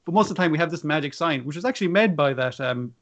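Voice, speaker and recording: A man casually recapping an episode, rambling, swearing freely and tossing in quick asides. His voice sits a little high for a man, and he talks like he is chatting with friends. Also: animated, muffled recording.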